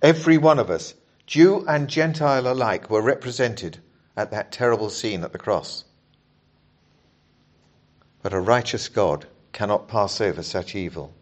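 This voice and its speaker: A man preaching a sermon, explaining scripture in a measured, earnest way and reading passages aloud to the congregation. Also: mid-range voice.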